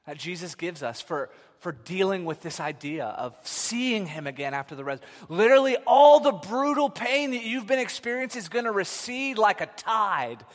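A man in his thirties preaching a sermon, telling stories in an animated way that swings from loud to hushed. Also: very high-pitched. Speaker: pastor. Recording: long reverb of a large hall.

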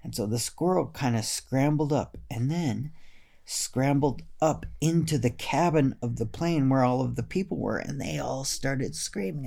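A man narrating a children's story in a gentle, unhurried way. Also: medium pitch, vocal fry.

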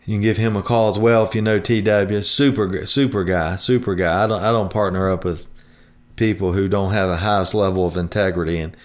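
A man's voice: sits low, steady tone, a little fast. A man hosting a retirement planning show in a chatty, homespun way, rambling with restarts. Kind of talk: folksy radio talk.

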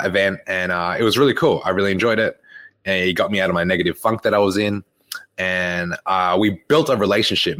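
A man's voice: sits low, a bit bright. A young man, a fitness coach telling a rambling, profane story in casual podcast talk. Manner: rambling, profane, laughs often.

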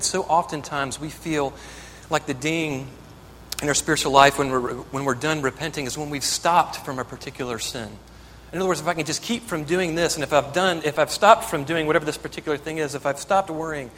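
A man's voice: a little high, a bit bright, in a large hall, a little hiss or hum. A man preaching a sermon as pastor, earnest and building to emphatic exhortation.

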